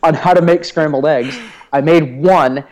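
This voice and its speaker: A man's voice: on the high side, a little slow, a little mellow, low-quality recording. A young man co-hosting a podcast, telling self-deprecating stories in a rambling way with lots of fillers. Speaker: podcast co-host. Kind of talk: casual chat.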